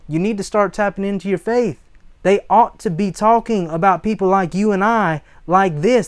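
A man's voice: sits high, moderate pace, clean tone, no room sound, clean studio sound. A man preaching a sermon, reading scripture aloud, exhorting his listeners and breaking into short prayers.

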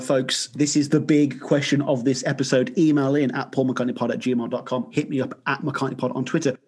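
A man's voice: mid-range voice, darkish tone, breathy edge. A man hosting a podcast, chatting casually, joking and teasing, with frequent laughter. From Birmingham, England. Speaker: podcast host.

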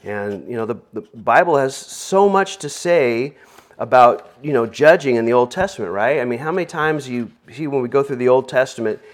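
Casting: male preacher, mid-pitched, casual rambling sermon with lots of fillers. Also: animated, moderate pace. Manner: rambling, filler-heavy, joking. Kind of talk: conversational sermon.

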